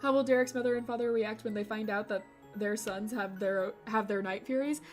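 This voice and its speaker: A woman streamer reading a visual novel aloud, breaking off for animated, jokey commentary. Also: mid-range voice, fairly quick, soft background music. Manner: animated, jokey asides with laughter.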